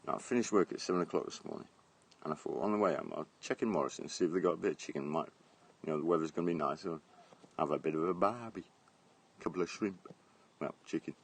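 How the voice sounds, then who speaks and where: A man's voice: deep voice, fast, slightly rough. A middle-aged man from England chatting bluntly on a live stream from his garden, phone held at arm's length, laughing often and swearing. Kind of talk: casual live-stream chat. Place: outdoors in a garden.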